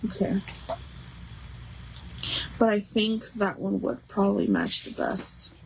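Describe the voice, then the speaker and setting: A woman's voice: mid-range voice, wildly swooping pitch, takes it slowly, creaky, a little mellow, slight background noise, poor audio. A young adult woman hosting a craft livestream, chatting casually and rambling with lots of fillers while she works.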